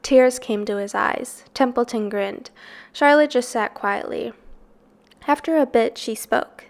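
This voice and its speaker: A woman reading a children's novel aloud in a soft, even storytelling voice. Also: a little high, a little slow, vocal fry. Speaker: reader.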